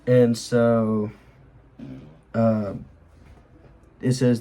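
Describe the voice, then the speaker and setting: A young man walks through a Bible passage in an earnest, rambling way, full of fillers. His voice sits a little low and sounds mellow and slightly husky. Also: fairly even intonation, normal speed, poor audio. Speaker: Bible study host. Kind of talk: casual Bible reading and commentary.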